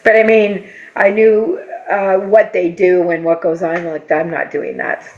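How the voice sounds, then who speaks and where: High-voiced man on dull lo-fi audio. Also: little pitch movement, measured pace, a little mellow. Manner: hesitant, repeats himself. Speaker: student. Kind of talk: testimonial interview.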